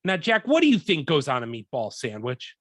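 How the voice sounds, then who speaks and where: A young man hosting a podcast, telling a profane story in a casual, animated way and acting out what people said. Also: medium pitch, brisk, dry recording. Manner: profane, animated, acts out quoted lines. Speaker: podcast host.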